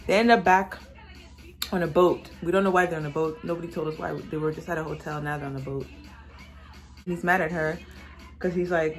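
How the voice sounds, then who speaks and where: A young woman casually recapping a movie on her vlog, sassy and animated, acting out the characters as she talks. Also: lowish voice, brisk, long pauses, faint music behind. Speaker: vlogger reviewing a movie while doing makeup. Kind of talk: casual chat.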